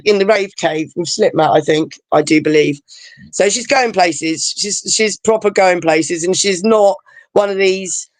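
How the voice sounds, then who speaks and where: A woman's voice: fairly low pitch, dry recording. A woman, chatting over a video call as a guest, rambling and emotional with many fillers.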